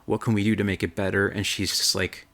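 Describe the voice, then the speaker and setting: A man co-hosting a podcast, excitedly recapping a game in a rambling, casual way and swearing freely. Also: lowish voice, fast. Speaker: podcast co-host.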